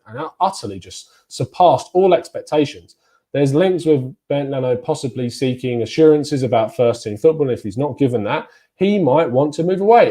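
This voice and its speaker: Chatty man, mellow voice. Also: mid-range voice. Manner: chatty, rambling, lively emphasis on names. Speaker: football fan channel host. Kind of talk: solo fan commentary.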